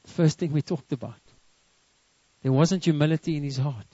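A man's voice: a little high, normal speed, no room sound, muffled recording. A man preaching a sermon to a congregation, often stopping to ask them questions. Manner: lively, asks the congregation questions. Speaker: pastor.

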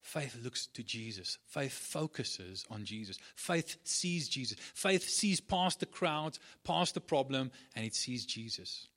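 A man's voice: mid-range voice, animated, slow, hardly any pauses, sharp tone. A man preaching a sermon, driving points home with repeated phrases and talking with frequent restarts and fillers. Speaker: pastor.

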